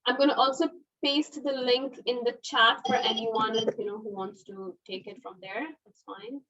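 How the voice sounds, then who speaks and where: A woman hosting an online webinar in a chatty, casual way, laughing often and filling pauses with "okay" and "you know". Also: on the high side, fairly even intonation, fairly bright tone. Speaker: webinar host. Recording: dull, distant webinar audio.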